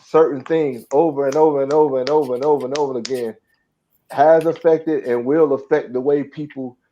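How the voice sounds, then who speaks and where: A man's voice: medium pitch, steady tone, a little fast, mellow, a little hiss or hum. A man in his forties co-hosting a casual podcast, speaking in an earnest, reflective way. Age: 40s. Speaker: podcast co-host. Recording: dull lo-fi recording.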